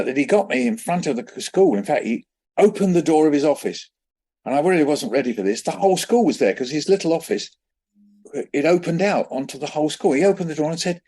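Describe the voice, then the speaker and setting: A man in his seventies from England, a children's poet guest telling lively anecdotes in an interview and acting out the voices in them. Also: fairly high pitch, breathy edge. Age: 70s. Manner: lively anecdotal storyteller who acts out voices. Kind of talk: conversational storytelling interview.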